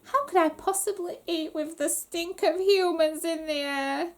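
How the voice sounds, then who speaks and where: A woman voicing a tiny, vain male goblin prince with a squeaky, haughty voice. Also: unhurried. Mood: disgusted. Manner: haughty, shrieking, whiny.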